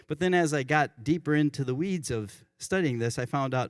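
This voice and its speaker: A worship pastor giving a conversational church sermon, often correcting himself mid-sentence. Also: male voice, fairly high pitch, normal speed, hardly any pauses, no echo, clean studio sound. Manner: conversational, self-correcting, chuckles at his own examples. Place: church sanctuary.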